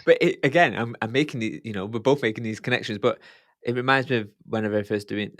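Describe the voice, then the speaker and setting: A man's voice: medium pitch, fast talker, dry recording, studio quality. A man hosting a podcast, asking curious questions in a hesitant, restarting way. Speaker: podcast host. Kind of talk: conversational podcast interview.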